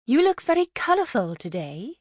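A woman voicing a playful, fond adoptive mother with a Welsh accent, teasing gently in an audiobook. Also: fairly high pitch, big pitch swings, normal speed, husky, dry recording, clean studio sound, voice pushed up. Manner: bright and teasing. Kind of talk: audiobook character reading.

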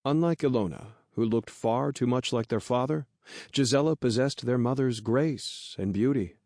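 With a medium-pitched voice, a male narrator reads an audiobook in an even, deliberate storytelling style. The studio sound is clean, with no room sound.

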